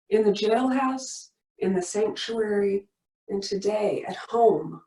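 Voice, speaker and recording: A woman's voice: medium pitch, slow pace. Earnest woman worship leader, distant and roomy. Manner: earnest, gently emphatic, with repeated refrains. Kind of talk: reading a story aloud in a service, then leading prayer.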